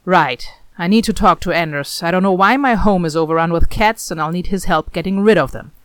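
A woman's voice: on the low side, a little fast, clean tone, dry recording, natural voice. A woman reading the lines of an exasperated adult male mage in a story reading, calling out urgently. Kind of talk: read-aloud dialogue.

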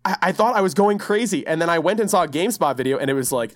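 A young man co-hosting a podcast in casual chat, talking in an animated, rambling way and jumping into excited high voices. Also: very fast, hardly any pauses, no echo, studio quality. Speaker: podcast co-host.

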